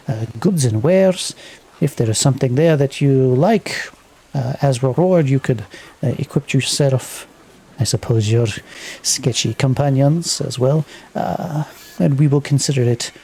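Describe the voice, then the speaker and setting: A man's voice: medium pitch, measured pace, vocal fry, darkish tone, breathy edge. A man voicing a wary, haggling male merchant with many eyes, in a put-on foreign accent and hesitant speech full of fillers. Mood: confiding.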